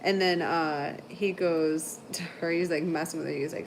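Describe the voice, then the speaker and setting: A woman hosting a casual livestream, telling long rambling stories full of "like" and quick laughs. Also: sits low, fairly even intonation, slight background noise. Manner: chatty storyteller, heavy "like" filler, frequent laughter. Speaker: livestream host.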